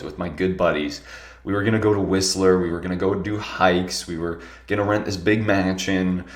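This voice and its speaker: A man's voice: deep voice, echoey room. A young man hosting a solo podcast, speaking in an earnest, open way, his voice nasal and congested from allergies. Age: young adult. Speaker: podcast host.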